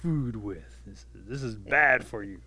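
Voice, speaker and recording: A man's voice: lowish voice, expressive, unhurried, sharp tone, slightly rough, no echo, full character voice. A man voicing a pack of angry male wolves in a folk tale, growling and menacing.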